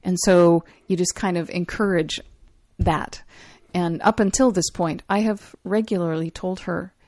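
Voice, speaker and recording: A woman co-hosting a parenting podcast, telling a family story in a lively, chatty way. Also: lowish voice, unhurried, no room sound. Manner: warm, animated storyteller. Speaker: podcast co-host. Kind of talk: casual chat, storytelling.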